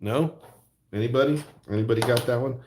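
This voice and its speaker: A man's voice: medium pitch, brisk, very noisy. A middle-aged man hosting his own channel, rambling jokily in casual chat and laughing often. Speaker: YouTube art channel host.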